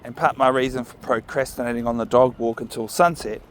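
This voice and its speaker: A man's voice: medium pitch, fast. A man, chatting casually to camera while walking his dog outdoors by the sea. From New Zealand. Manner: relaxed, chatty, talks to his dog with soft commands. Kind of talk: casual outdoor vlog chat. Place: outdoors by a marina on a windy evening walk.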